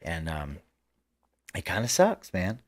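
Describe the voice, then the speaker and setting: A man's voice: low voice, wildly swooping pitch, slow. A man hosting a political commentary livestream, talking fervently in rambling bursts with frequent restarts. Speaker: host.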